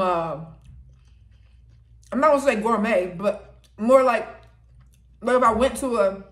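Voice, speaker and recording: A young woman vlogger gives a relaxed, chatty food review, talking between bites and humming as she tastes. Her voice sits in a middling range. The room around her is roomy and echoes. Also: medium pitch. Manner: chatty, talks between bites and hums while tasting. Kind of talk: casual mukbang food review. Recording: roomy echo.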